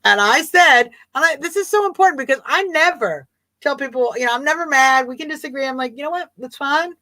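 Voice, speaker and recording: A woman's voice: high-pitched, brisk, bright, forceful tone, no echo. A woman hosting a casual livestream talk show, chatty and amused, rambling and repeating herself. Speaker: host.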